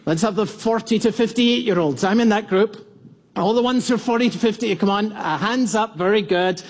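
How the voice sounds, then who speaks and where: A pastor in his fifties, his voice sitting high and his pace moderate, preaches a sermon to a congregation in church. He teaches verse by verse and asks for shows of hands.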